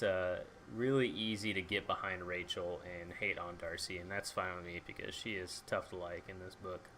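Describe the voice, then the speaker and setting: A man's voice: lowish voice, fairly bright tone, slight background noise. A young man chatting casually about a book and its movie, swearing freely and acting out lines. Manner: acts out characters' lines in quick asides. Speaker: book reviewer.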